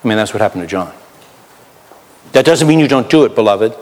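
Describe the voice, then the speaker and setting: A man preaching a sermon as pastor, animated, swinging between loud outbursts and hushed asides while acting out voices. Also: on the low side, brisk, in a large hall.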